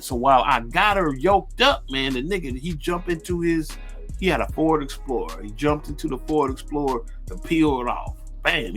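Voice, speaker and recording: A man hosting a radio show, telling a street story in a laid-back, crude and boastful way, with halting restarts. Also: medium pitch, fairly bright tone. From Ohio. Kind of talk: casual profane storytelling.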